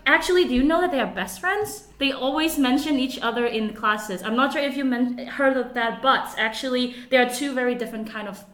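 A woman's voice: high voice, brisk, few pauses, a bit bright. A young woman, a university student guest, chatting eagerly on a podcast and often restarting her sentences. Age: young adult. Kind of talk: casual podcast chat. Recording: roomy echo.

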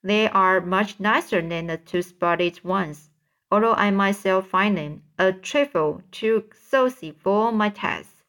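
A prim, gently snobbish ladybug, voiced by a woman reading aloud, who looks down a little on her commoner cousins. She speaks slowly and deliberately at a middling pitch. It is a calm storybook reading.

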